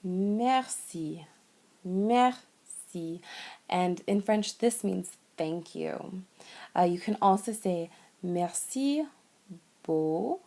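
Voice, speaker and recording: Slow, patient woman teaching French phrases. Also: mid-range voice, mellow. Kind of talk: whiteboard lesson.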